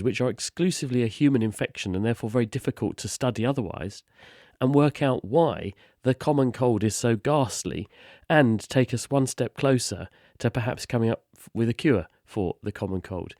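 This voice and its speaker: A man with a hoarse, cold-roughened voice explains science to a radio audience. He talks brisk and wry, pitched at a middle height. He is heard close and dry over a remote video-call line. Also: expressive, a little mellow, no room sound. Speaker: science guest expert.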